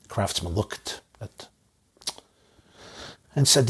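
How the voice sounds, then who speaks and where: A man, a rabbi, telling a parable in a sermon with measured, dramatic pacing and soft emphasis. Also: fairly low pitch, husky. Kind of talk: sermon storytelling.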